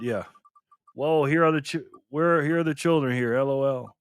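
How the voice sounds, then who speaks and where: A man's voice: fairly high pitch, normal speed, a bit bright, clear, resonant tone. A man hosting a live stream in a casual chat style, reading viewer comments aloud, laughing often and cheering on players. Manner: laughs often, loose and playful.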